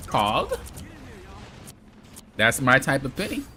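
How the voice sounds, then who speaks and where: Young male streamer, playful fed-up complainer, bright tone, very swingy pitch. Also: huge pitch swings, slow pace, slight background noise. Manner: exasperated, playful trash talk to teammates; mock-complaining, teasing. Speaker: streamer playing a hero shooter. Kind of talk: live gameplay commentary.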